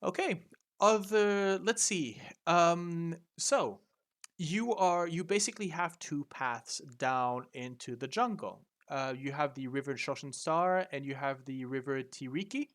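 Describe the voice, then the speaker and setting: A man's voice: fairly high pitch, a little slow, a bit bright. A man running a tabletop game over a video call, explaining the rules in a hesitant way, with many fillers and restarts. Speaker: game master.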